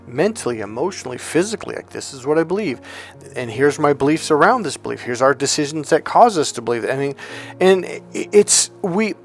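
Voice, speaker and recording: Fairly high-pitched and fairly quick, this man delivers an animated, emphatic motivational talk as a relationship coach, frequently impersonating others. Faint music plays behind him.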